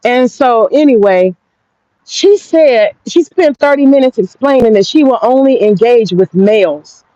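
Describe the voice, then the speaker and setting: A woman's voice: fairly high pitch, animated, unhurried, dark tone. A woman streamer giving brash, profane gossip commentary straight to her viewers, often laughing. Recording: dull lo-fi dry sound.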